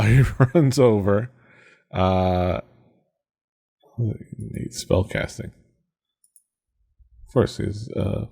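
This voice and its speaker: A man's voice: lowish voice, creaky, a little mellow. A man running a tabletop game as game master, narrating with many hesitations and restarts.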